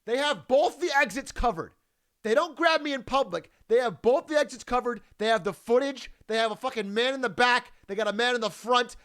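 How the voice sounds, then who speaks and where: A man's voice: very high-pitched, a bit bright. A man telling a story casually, swearing freely and breaking into laughter often.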